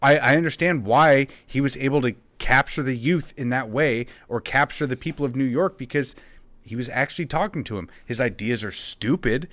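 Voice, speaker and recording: A man's voice: medium pitch, normal speed, fairly bright tone. A man co-hosting a casual podcast, talking steadily and firmly about his views, with short laughs. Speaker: podcast co-host. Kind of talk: casual political podcast chat.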